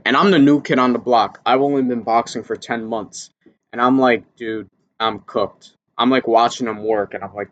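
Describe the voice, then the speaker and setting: An amateur boxer tells a candid, casual story to camera, swearing freely. As he relives his panic, his voice gets higher and louder.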